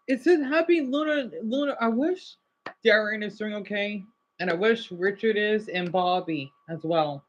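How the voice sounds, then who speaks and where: A man's voice: sits high, unhurried. Young male streamer. Casual, rambling and emotional, chats straight to viewers. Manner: rambling, emotional, reads chat names aloud. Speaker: livestream host. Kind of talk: casual live chat.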